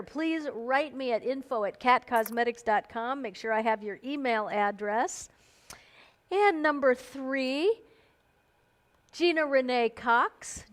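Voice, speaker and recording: A woman hosting a live stream, chatting casually and bubbly as she calls out giveaway winners by name. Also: on the high side. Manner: bubbly, chatty, playful emphasis on names. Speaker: host.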